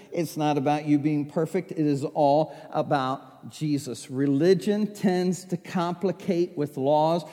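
A man's voice: on the high side, warm tone. A man preaching a sermon, emphatic and repetitive, with chatty asides to the congregation. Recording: echoey hall.

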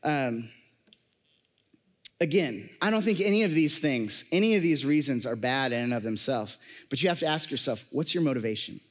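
A man's voice: medium pitch, expressive, normal speed, long reverb tail. A man giving a casual, conversational sermon to a live congregation, joking and using lots of fillers.

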